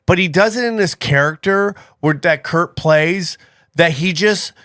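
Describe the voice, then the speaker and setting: Animated, bright-voiced male podcast host. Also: unhurried. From Armenian heritage. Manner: animated, rambling, jumps up in pitch when excited. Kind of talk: casual podcast chat.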